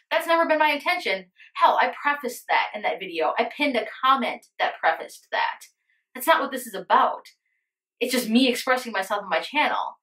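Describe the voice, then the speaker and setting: A woman's voice: medium pitch, a bit bright, reverberant, rough recording. A young woman vlogging about beauty, talking candidly and with emphasis in a casual storytime rant, swearing freely.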